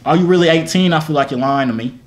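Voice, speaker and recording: A man's voice: fairly high pitch, fast talker, voice pushed up, lightly acted. Man putting on a hammy Southern drawl. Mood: flirty. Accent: put-on Southern US country. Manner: playful, flirty, mock-earnest. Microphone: video chat app.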